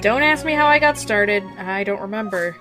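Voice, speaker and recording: A woman's voice: medium pitch, animated, moderate pace, close to an everyday voice. A woman voicing a wry young male defense attorney with dry narration. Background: game music.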